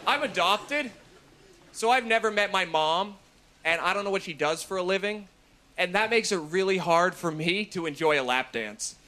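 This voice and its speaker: High-voiced young male stand-up comic. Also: moderate pace, very noisy. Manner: deadpan delivery with sudden shouted bursts. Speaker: stand-up comedian. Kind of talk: stand-up routine on TV. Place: TV studio stage before an audience.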